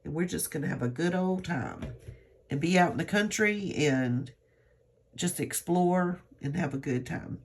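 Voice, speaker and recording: A woman's voice: low voice, animated, a little slow, slight background noise. A woman, chatting to her viewers in a rambling, earnest, encouraging way. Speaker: vlogger. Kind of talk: casual talk to camera.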